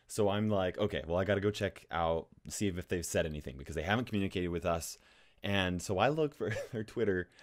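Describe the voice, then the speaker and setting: A man with a somewhat low voice speaks casually to camera on his gaming channel. He sounds anxious and scattered, laughing nervously and stumbling over restarts as he talks. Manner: restless, with frequent restarts and fillers. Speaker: gaming YouTuber. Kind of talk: casual talking-head vlog.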